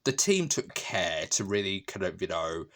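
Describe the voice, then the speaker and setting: A man's voice: sits low, very animated, normal speed, a bit bright. A man giving a casual, emotional movie review, full of fillers and restarts and frequent laughter. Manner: laughs often while talking. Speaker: film reviewer.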